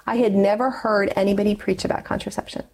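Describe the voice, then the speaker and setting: A woman's voice: medium pitch, fairly even intonation, quick pace, a little mellow, low-quality recording. Earnest woman telling a personal story. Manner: earnest storytelling, many fillers and restarts. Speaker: guest. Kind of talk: personal testimony in an interview.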